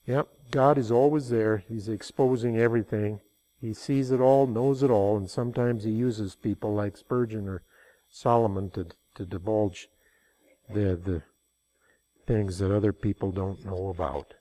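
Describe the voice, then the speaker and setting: A man's voice: fairly low pitch, fairly even intonation, unhurried, dark tone. An older man preaching a sermon, telling stories in a folksy way and rising into emphatic passages.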